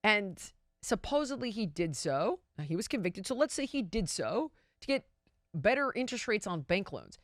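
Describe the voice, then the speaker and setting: A woman's voice: mid-range voice, sing-song, normal speed, no room sound, clean studio sound. A woman hosting a show, giving opinionated political commentary in an emphatic, exasperated way, full of rhetorical questions. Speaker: show host.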